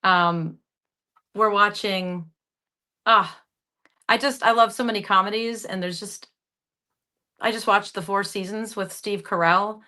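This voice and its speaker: A woman's voice: mid-range voice, steady tone, a little slow, pauses often, bright, forceful tone. A young woman actress from the Upper Midwest, with a regional accent, chatting animatedly in an interview and laughing often. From Upper Midwest, Michigan. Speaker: actress guest. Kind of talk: casual interview chat.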